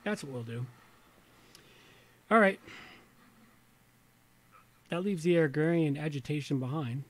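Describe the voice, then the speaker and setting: A man's voice: on the high side, expressive, unhurried. A slightly tipsy man hosting a casual livestream, reading from an old reference book and breaking off into muttered, rambling asides. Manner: rambling, muttered asides between read passages. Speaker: host.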